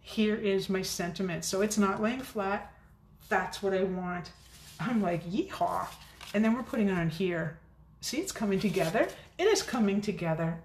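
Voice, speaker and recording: A chatty woman demonstrating card making in a casual crafting video, talking fast and poking fun at her own forgetfulness. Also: mid-range voice, lively intonation, a little mellow, a little hiss or hum. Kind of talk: casual crafting tutorial chat. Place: home craft room. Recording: echoey room.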